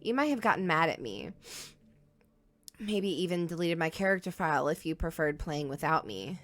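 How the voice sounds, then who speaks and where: A woman voicing a self-aware young female game character who speaks softly and intimately, reading the game's dialogue aloud. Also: deep voice, sing-song, normal speed, voice pushed down. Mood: tender.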